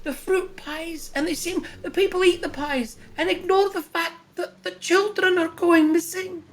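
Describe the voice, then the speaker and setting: A woman's voice: extremely high pitch, steady tone, measured pace, voice pushed up, low-quality recording. A woman voicing a distraught Scottish village mother who pleads for help and drops to fearful whispers. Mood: fearful whispering. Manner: frantic, tearful, dropping to fearful whispers.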